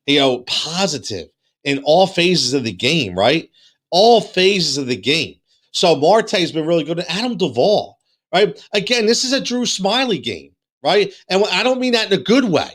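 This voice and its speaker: A man with a slightly high voice hosting a live fantasy sports show. He talks in an excited, repetitive rush, full of fillers and restarts. He is losing his voice. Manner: excitable, repeats himself, many fillers and restarts. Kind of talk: excited live-stream chat.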